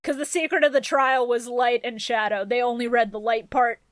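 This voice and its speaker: A woman co-hosting a podcast, recapping an anime episode in a profane, joking, animated way. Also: a little high, normal speed, no room sound. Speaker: podcast co-host. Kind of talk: casual chat recapping an anime.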